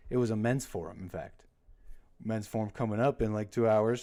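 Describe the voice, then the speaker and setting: A man's voice: fairly low pitch, brisk, warm tone. A man hosting a livestream, chatting casually and rambling, often breaking off his own stories with jokes. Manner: rambling, self-interrupting, jokey. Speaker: livestream host.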